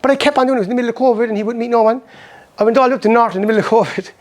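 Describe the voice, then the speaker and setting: A middle-aged Irish man giving a motivational seminar talk, telling personal stories in an animated way and acting out old conversations. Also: extremely high pitch. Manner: rapid, animated storytelling that acts out past conversations.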